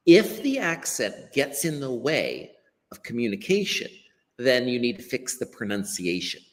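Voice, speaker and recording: American male ESL teacher, animated, on a reverberant webcam call. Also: medium pitch, a little slow. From United States. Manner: encouraging, explanatory, acts out quoted remarks. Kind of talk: live-stream interview. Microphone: laptop webcam on a video call.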